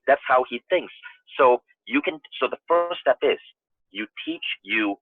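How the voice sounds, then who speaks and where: A man's voice: medium pitch, dry recording. A man from Malaysia, a podcast guest, talking emphatically in a casual interview and telling stories while he restarts his phrases. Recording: tinny phone-line audio.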